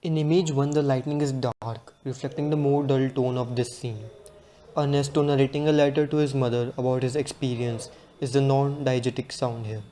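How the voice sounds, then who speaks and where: Man, student presenter, mellow tone, steady earnest read-aloud, class presentation. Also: mid-range voice, normal speed, a little hiss or hum.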